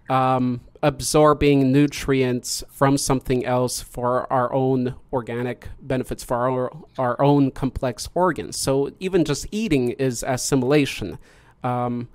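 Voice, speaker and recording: A man hosting a casual live-streamed panel discussion, explaining in a measured way and pausing mid-thought. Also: mid-range voice, no room sound. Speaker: host.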